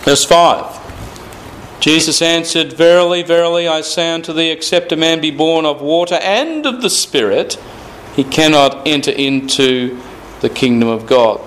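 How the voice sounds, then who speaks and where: A man's voice: a little high, moderate pace, fairly bright tone, slight background noise, rough recording. A man teaching through the Bible verse by verse, reading scripture aloud and stressing key words with rhetorical questions. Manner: repeats phrases, asks rhetorical questions.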